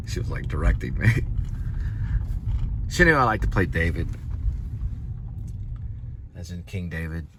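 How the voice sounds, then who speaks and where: A man's voice: low voice, very animated, slow, pauses often. A man vlogging and telling a childhood story in a casual, rambling way, with fillers. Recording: outdoor traffic noise behind. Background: passing cars, city noise.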